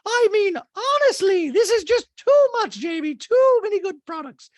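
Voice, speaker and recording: A man putting on a mocking impression of a gushing, over-the-top rich woman in a shrill, breathless falsetto. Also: sing-song, normal speed, no room sound, studio quality.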